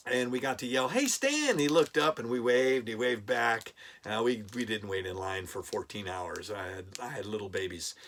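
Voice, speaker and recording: A middle-aged man hosts a collector vlog, counting down his finds with eager, rambling enthusiasm. His voice sits at an everyday middle pitch, and he keeps exclaiming over the books as he goes. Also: fairly bright tone, far from the mic. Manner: enthusiastic, frequent fillers, exclaims "oh my goodness". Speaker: comic collector vlogger. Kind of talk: excited haul countdown.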